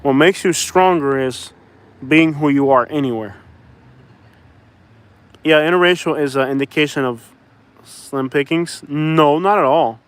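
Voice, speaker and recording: Speaking in a smooth, higher voice at a measured pace, this Miami man pauses often as he rambles loosely to the camera. He is a vlogger from Miami, Florida who jokes with his viewers, addresses them as y'all, and drifts from one thought to the next.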